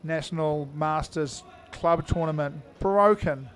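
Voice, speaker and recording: Chatty male cricket commentator, higher voice. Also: takes it slowly, slight background noise. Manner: chatty, thinks aloud with many fillers. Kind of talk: live indoor cricket commentary.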